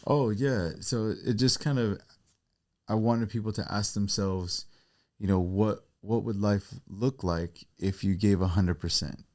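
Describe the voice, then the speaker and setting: A man's voice: lowish voice, darkish tone. A man co-hosting a casual faith-based chat podcast, reflective and posing questions to listeners. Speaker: podcast co-host.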